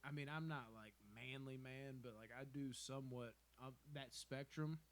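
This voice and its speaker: A man's voice: medium pitch, fairly even intonation, normal speed. A young man in casual podcast chat, telling stories animatedly, acting out quotes, laughing often and swearing freely. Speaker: podcast co-host.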